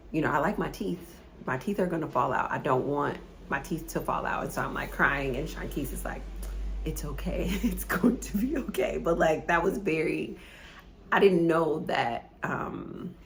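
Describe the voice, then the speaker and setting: A woman of about forty chatting casually to camera as a vlogger, rambling and halting, often repeating words as she confides. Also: low-pitched, vocal fry, slight background noise. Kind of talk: casual chat.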